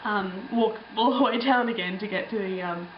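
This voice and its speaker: A woman's voice: medium pitch, moderate pace, reverberant, dull audio, slight background noise. A young woman telling a travel story in a casual, rambling way, full of ums and little laughs. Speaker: travel vlogger.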